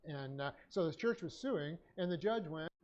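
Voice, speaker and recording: A man teaching a Bible study class and dictating his notes, talking haltingly with many fillers and self-corrections. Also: fairly high pitch, animated, darkish tone, muffled recording.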